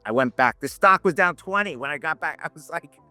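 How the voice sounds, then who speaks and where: A man telling lively anecdotes in a casual podcast chat, laughing and acting out the people he quotes. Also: on the high side, brisk, no room sound, faint music behind. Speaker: podcast guest, options educator. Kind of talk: casual storytelling.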